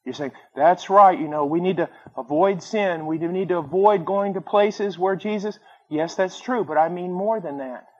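A man preaching a sermon, telling stories with acted-out voices and swinging between loud bursts and quiet asides. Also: sits high, moderate pace, hardly any pauses, breathy edge. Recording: dull lo-fi sermon recording.

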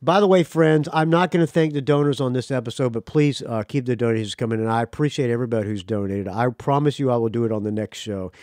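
A man's voice: medium pitch, fast, few pauses, darkish tone, dry recording, clean studio sound. A man hosting a podcast in casual chat, rambling and teasing his guest. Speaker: podcast host.

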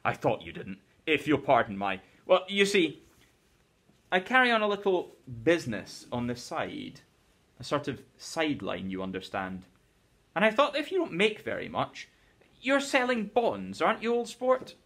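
A man voicing an eager, hesitant wealthy 1920s gentleman during a classroom read-aloud, coaxing and fond of saying "old sport". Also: on the high side, sing-song, moderate pace, pitched above the performer's own voice, exaggerated voice. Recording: teacher's recorded lesson video.

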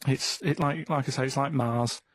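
A man telling plain, deadpan holiday stories in a slow, hesitant way, with fillers, in a casual chat. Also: medium pitch, no room sound. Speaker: guest storyteller.

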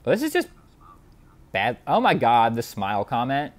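A man giving satirical reaction commentary on a video clip. He sounds mock-outraged and sarcastic, and his pitch swoops up and down. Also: wildly swooping pitch, unhurried. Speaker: YouTube commentator.

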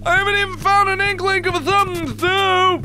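A man giving excitable, panicky horror game commentary, often yelling and mocking himself as he talks to himself. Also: extremely high pitch, quick pace, faint music behind. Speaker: let's-play host.

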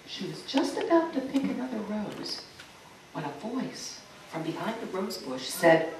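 A woman telling a fairy tale to children at a party, animated and coaxing, getting the children to join in. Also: medium pitch, measured pace, creaky, crowd noise. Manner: animated, coaxing, sing-song. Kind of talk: interactive storytelling for children. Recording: echoey room, mic far off.

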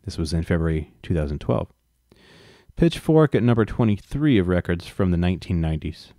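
A man's voice: low-pitched, big pitch swings, brisk, mellow, no room sound, studio quality. A man reading a book aloud and breaking off into wry, profane asides. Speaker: reader and commentator.

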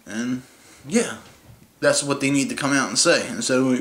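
A man's voice: medium pitch, a little fast, a bit bright. A man ranting about his football team in a heated, profane, mocking way. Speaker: sports fan ranting. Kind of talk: angry rant vlog. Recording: echoey room with faint noise.

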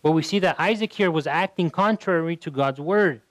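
Male pastor, fairly high voice, chatty Bible teaching, stumbles and repeats words, dry close sound. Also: moderate pace, fairly bright tone, no echo, poor audio. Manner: conversational, repeats words while thinking.

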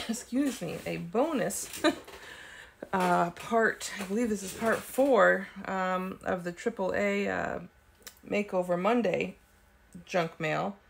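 A woman's voice: medium pitch, slow pace, vocal fry, slight background noise. A woman hosting a casual craft video, chatting and thinking aloud as she works at her desk. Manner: talks with frequent ums and small laughs. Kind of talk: casual craft tutorial chat.

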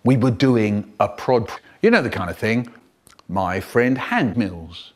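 A man, telling comic stories in an expressive, animated way. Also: lowish voice, takes it slowly, heavy background noise. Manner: expressive, animated, swooping delivery. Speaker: storyteller. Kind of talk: comic storytelling, spliced edit.

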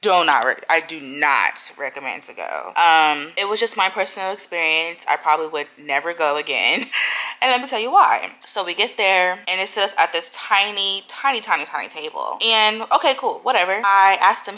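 A woman vlogger chatting casually at home on her couch, telling a story in an animated, ranting way. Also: medium pitch, moderate pace. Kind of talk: casual chat.

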